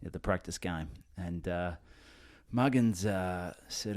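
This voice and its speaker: A man's voice: low voice, slow. An Australian man co-hosting a podcast, telling a story in casual banter and acting out the people in it. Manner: animated storyteller, acts out quoted people. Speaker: podcast co-host.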